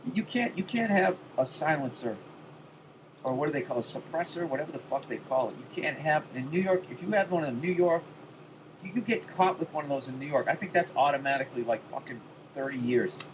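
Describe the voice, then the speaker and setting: A man's voice: on the high side, a little fast, noisy background. A man hosting a podcast, telling a casual comedic story full of swearing and building up steam as he goes. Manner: profane, animated storytelling. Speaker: podcast host.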